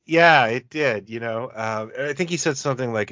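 A man's voice: mid-range voice, brisk, few pauses, a bit bright, no echo. A man hosting a casual chat about cult films, telling enthusiastic, rambling stories. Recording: dull, dry lo-fi recording.

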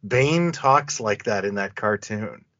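A man's voice: on the low side, lively intonation, slow pace, a bit bright, dry recording, dull audio. A man in his fifties in a casual film chat, telling wry anecdotes. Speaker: podcast co-host.

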